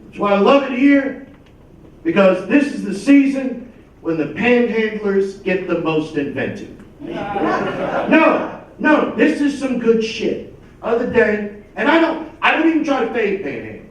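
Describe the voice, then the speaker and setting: A man's voice: high-pitched, sing-song, a little slow. A man doing a stand-up set, with punchy, emphatic delivery. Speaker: stand-up comedian. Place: comedy stage at a charity show, live audience. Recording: echoey room, distant from the mic.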